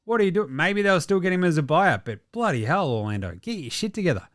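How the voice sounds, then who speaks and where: A man, hosting a casual basketball show and ranting about games and trades with plenty of swearing. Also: high-pitched. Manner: fast, sweary, excitable ranting. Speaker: host. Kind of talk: casual sports commentary.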